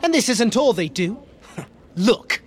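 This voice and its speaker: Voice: medium pitch, big pitch swings, slow pace, a little hiss or hum, voice pushed up. A narrator voicing a spoiled teenage boy bully in an audiobook reading, taunting and smug. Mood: gloating.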